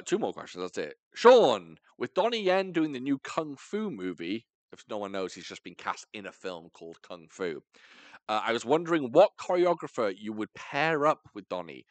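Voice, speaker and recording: A podcast host talking casually with friends. He tells stories with lively swings in pitch and the odd curse word. The sound is dry and close to the mic. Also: no room sound. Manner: animated storyteller, swears, jumps high in pitch for emphasis. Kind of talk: casual chat.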